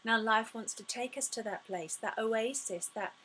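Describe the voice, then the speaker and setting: A woman speaking as a spiritual life coach in an inspirational talk to camera, effusive and expressive, often sighing and gasping as she speaks. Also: a little high, moderate pace, a little hiss or hum, poor audio. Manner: effusive and expressive, with frequent sighs and gasps.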